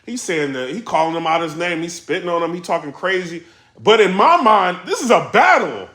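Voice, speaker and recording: Male channel host, somewhat high voice, animated casual commentary with sudden loud bursts. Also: fairly quick, reverberant. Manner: animated, repeats lines he quotes, sudden loud outbursts. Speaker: battle rap commentator.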